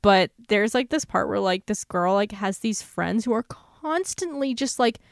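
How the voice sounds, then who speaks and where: Young woman co-host, mid pitch, dry close sound, animated and exasperated. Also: unhurried, gravelly, clear, resonant tone, dry recording. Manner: animated and exasperated, laughs often, many fillers. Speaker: podcast co-host. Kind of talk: casual book-club chat.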